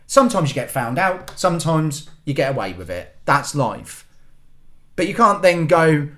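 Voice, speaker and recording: Hosting his own channel, a man rants in an exasperated, sweary, rambling vlog monologue. His voice is a little high, pushed and bright, very animated, at a moderate pace.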